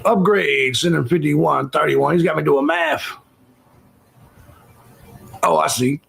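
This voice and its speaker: A man's voice: fairly high pitch, takes it slowly, creaky, a bit bright, a little hiss or hum, rough recording. A man hosting a livestream, talking bluntly and profanely and thanking viewers for donations in casual commentary. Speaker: livestream host.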